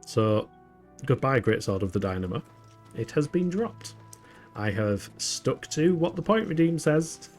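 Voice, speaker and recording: A man's voice: mid-range voice, a little mellow. A young man with a playful, giggly manner, chatting casually while livestreaming a game from his home setup. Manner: playful, giggly, rambling banter. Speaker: streamer.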